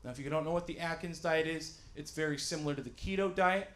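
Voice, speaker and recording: A man in his thirties doing a stand-up set on a small stage, self-mocking and often yelling his punchlines. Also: a little high, fast talker. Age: 30s. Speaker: stand-up comic and emcee. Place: small studio stage with live audience.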